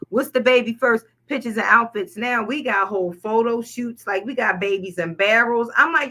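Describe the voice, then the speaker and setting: A woman co-hosting a casual talk show, speaking in an animated, outspoken, slangy way. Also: a little high, moderate pace, hardly any pauses. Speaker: co-host. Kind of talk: casual chat.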